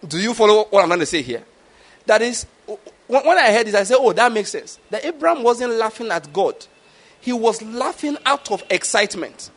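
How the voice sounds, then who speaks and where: Male preacher, high voice, animated sermon delivery, keeps checking the congregation follows. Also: a little fast. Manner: animated, keeps asking "do you get my point?".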